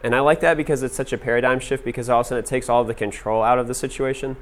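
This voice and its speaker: A man giving a relaxed talk to a group, telling stories loosely and filling gaps with "like". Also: medium pitch, racing. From United States. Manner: conversational, heavy use of "like". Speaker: speaker teaching a group. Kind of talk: casual sermon storytelling.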